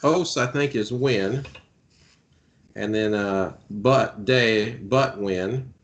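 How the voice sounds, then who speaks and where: Slow, hesitant male student. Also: lowish voice. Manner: hesitant, halting, lots of uh. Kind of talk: classroom translation exercise.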